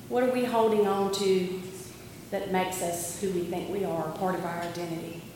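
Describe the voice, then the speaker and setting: Slow-preaching woman in an echoing hall. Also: mid-range voice, a little hiss or hum. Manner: slow, deliberate storytelling with dramatic emphasis. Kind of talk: sermon. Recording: echoey hall, long reverb, faint ambience.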